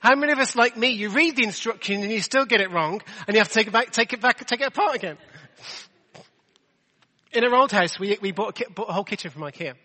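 A man's voice: sits high, lively intonation, fast, bright, forceful tone, in a large hall. A man preaching a sermon in a chatty, self-deprecating way, full of rhetorical questions. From England.

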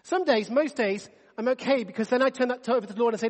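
A man's voice: very high-pitched, fast talker, few pauses, darkish tone, big-room sound. A man in his thirties preaching a sermon, earnest and conversational, often restarting his sentences. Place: church.

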